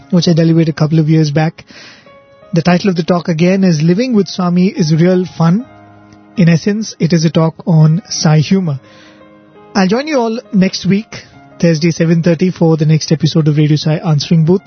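High-voiced man telling a story. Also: slightly rough. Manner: gentle, devotional storytelling with quoted dialogue. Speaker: radio talk presenter. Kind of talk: storytelling talk. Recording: dull lo-fi audio with long hall reverb.

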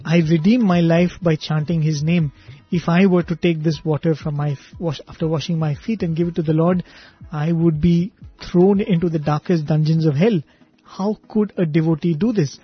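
A man's voice: on the high side, steady tone, normal speed, breathy edge. Man telling of a humble protesting sage. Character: humble male sage, fearful devotee. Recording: dull lo-fi recording, faint music.

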